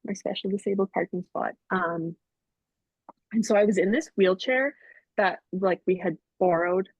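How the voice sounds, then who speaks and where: A woman's voice: medium pitch, moderate pace, husky, no echo. A young woman telling personal stories as a podcast guest, chatty, with lots of fillers and laughs. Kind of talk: casual storytelling interview. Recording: dull, slightly muffled audio.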